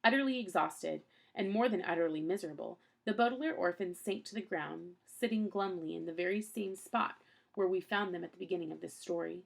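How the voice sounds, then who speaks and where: A woman's voice: lowish voice, a little fast, creaky. A woman reading a children's novel aloud in a plain storytelling voice, with a few small slips. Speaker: audiobook reader.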